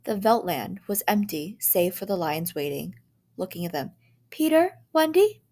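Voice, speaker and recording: A woman teacher reading a short story aloud in a measured, dramatic way. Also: lowish voice, a little mellow.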